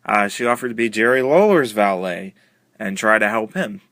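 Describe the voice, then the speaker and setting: Bright-toned man rambling through a wrestling recap. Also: fairly low pitch, animated, normal speed, vocal fry, no echo. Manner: rambling, filler-heavy retelling with many uh and um. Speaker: wrestling show reviewer. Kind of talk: casual recap of a wrestling broadcast.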